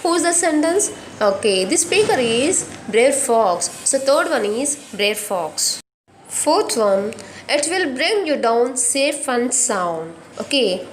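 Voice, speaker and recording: A woman with an Indian English accent teaches a grammar lesson in a fairly high voice. She repeats each sentence, spells words out and checks in with the class. A faint hiss sits under the recording.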